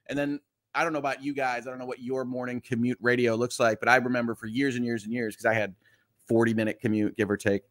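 Man from Michigan, livestream host, mid-pitched, chatty, reads the chat and riffs on it. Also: little pitch movement, fast talker. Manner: chatty, reads viewer comments aloud with quips. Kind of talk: casual morning livestream chat.

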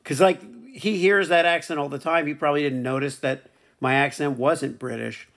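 A man's voice: a little high, steady tone, normal speed, a bit bright. Rambling man hosting a podcast. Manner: self-deprecating, rambling with fillers. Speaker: podcast host. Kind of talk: podcast interview.

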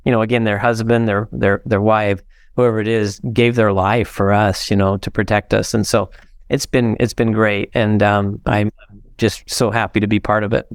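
Older man, podcast guest, earnest heartfelt storytelling, smooth resonant voice, dry close sound. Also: on the low side, flat delivery, moderate pace, no echo. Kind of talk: interview storytelling.

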